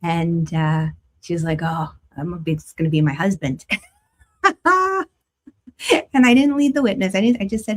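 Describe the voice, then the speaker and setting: A chatty woman with a slightly low voice talks through a weekly tarot forecast. She moves between gentle guidance and lively personal anecdotes. Her asides come out playful and informal. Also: normal speed, pauses often. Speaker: spiritual tarot reader. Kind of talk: casual spoken tarot forecast.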